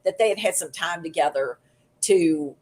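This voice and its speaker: A woman's voice: fairly low pitch, normal speed. A woman, a guest author telling stories expressively in a podcast chat. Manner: expressive storyteller, acts out quotes. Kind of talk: casual podcast conversation.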